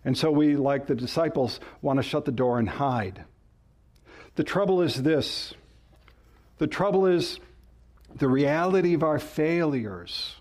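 Male pastor, sermon delivery, slightly higher voice, dramatic rises and drops, asks the room questions. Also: a little mellow. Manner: rises and falls sharply for emphasis, asks the congregation questions.

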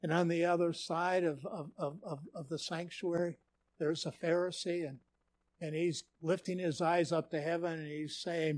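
A man's voice: fairly high pitch, level tone, moderate pace, darkish tone. A man from Minnesota preaching a sermon as a pastor, telling stories earnestly with dramatic emphasis. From Minnesota, USA.

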